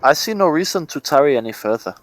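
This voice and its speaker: A man's voice: on the high side, animated, fast talker, dry recording, rough recording. A man playing a tabletop game, chatty and good-humoured. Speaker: player. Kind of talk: casual tabletop play.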